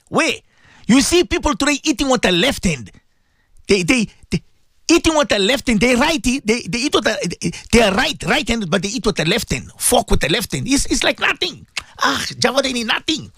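A man's voice: high voice, very animated, fairly quick, a bit bright, breathy edge, no room sound, clean studio sound. A man giving an impassioned radio sermon, hammering home repeated rhetorical questions to his listeners. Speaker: radio presenter giving Islamic advice.

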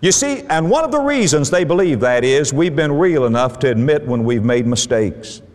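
A middle-aged man preaches in an emphatic, repeating cadence, his pitch swinging widely and sitting a little high. The sound carries a long hall reverb around it. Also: sing-song, normal speed, a little mellow. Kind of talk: sermon.

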